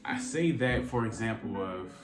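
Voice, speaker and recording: A male faith vlogger gives an earnest, conversational faith talk, repeating phrases for emphasis. His voice is lowish and animated at a normal speed, recorded in an echoey room with background music.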